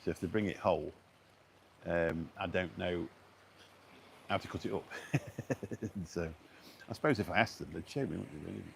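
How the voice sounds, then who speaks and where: A middle-aged man with a deep, low-pitched voice talks casually to his live-stream viewers. He rambles, restarts his sentences and fills gaps with ums. He is recorded on a phone outdoors, with a faint hiss of noise behind him. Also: normal speed, gravelly, long pauses. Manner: rambling, chatty, many fillers and restarts. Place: outdoors on a beach walk.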